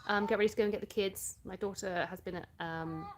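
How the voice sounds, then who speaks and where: A woman's voice: mid-range voice, steady tone, fast, slight background noise. A woman with an English accent, chatting casually on a live stream, answering viewer comments, laughing often and sometimes searching for words. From born in the US, raised in England.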